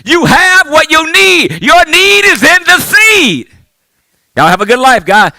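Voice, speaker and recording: A middle-aged man from the pulpit in a strikingly high, lively voice that leaps up and down. The sound is bright and dry, close and without room echo. He calls out to the congregation and swings between near-shouts and hushed asides. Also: normal speed, gravelly. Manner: call-and-response preaching, swinging from loud to hushed. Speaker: pastor. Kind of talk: sermon.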